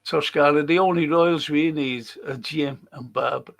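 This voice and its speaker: Gravelly sweary Liverpool man. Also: on the high side, fairly even intonation, normal speed. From England. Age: older. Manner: blunt, sweary, rambling anecdotes. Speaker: podcast host. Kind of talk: live stream chat reading viewer comments.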